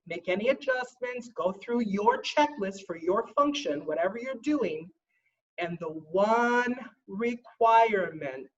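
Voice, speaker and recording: Woman trainer, fussy and emphatic, briefing a group; mid-pitched voice, distant muffled audio. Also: lively intonation. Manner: emphatic, slows down to stress points; self-described fussy stickler. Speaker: contest trainer.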